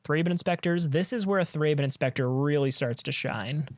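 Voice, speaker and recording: A man's voice: on the high side, a little fast, no echo. A man giving casual commentary on his own card game match, thinking aloud and trailing off mid-sentence, on a close desk mic.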